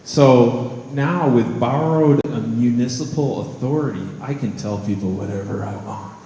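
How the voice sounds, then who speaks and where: A man's voice: medium pitch, measured pace, mellow, muffled recording. A man, an artist and college professor, giving a wry, joking, conversational talk to an audience in a large hall. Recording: echoey hall with long reverb.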